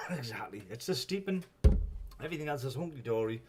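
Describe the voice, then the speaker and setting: A man's voice: on the high side, sing-song, normal speed, fairly bright tone, soft background music. A man hosting a casual live stream, rambling, swearing freely and chuckling often as he greets viewers.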